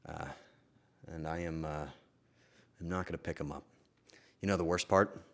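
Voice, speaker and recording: A young man hosting a stream, telling a story to his chat in a casual, swearing, animated way. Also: low voice, normal speed. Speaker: streamer host.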